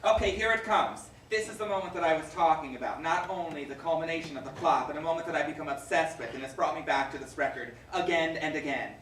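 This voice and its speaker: A woman's voice: low-pitched, quick pace, hardly any pauses, close to an everyday voice. A woman playing a wistful middle-aged male theatre fan, talking to the audience in a confiding, chuckling stage monologue. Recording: echoey stage recording from far off with loud noise.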